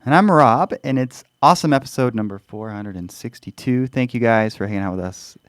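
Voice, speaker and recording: A man's voice: medium pitch, fairly quick, smooth, dry recording. A man co-hosting a podcast, easygoing and dry-humored in casual chat. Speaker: podcast co-host.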